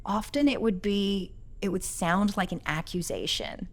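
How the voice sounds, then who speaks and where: A woman's voice: mid-range voice, a little slow. Earnest woman talking about work. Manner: earnest, reflective, quotes others in acted tones. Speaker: podcast guest, employee. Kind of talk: casual podcast conversation.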